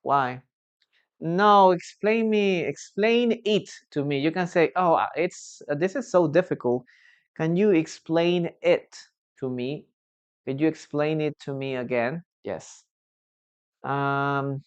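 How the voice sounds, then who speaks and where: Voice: mid-range voice, slow pace, clear, resonant tone, highs cut off. An English teacher giving a live online lesson, reading out student sentences and patiently correcting them, often ending with a questioning "no?". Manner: ends points with a questioning "no?".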